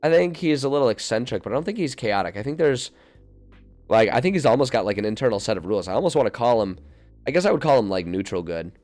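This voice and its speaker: A man's voice: medium pitch, quick pace. A young man streaming, thinking aloud in a casual, rambling way with frequent laughs and filler words into a desk mic. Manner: animated and rambling, laughs often, many fillers. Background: faint music.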